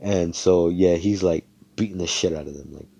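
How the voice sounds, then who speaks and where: A young man with a very low, dark voice casually retells a role-play session. He rambles, swears freely and leans on fillers. The delivery is loose and conversational. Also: normal speed, gravelly, breathy edge, no room sound. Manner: rambling, profane, filler-heavy.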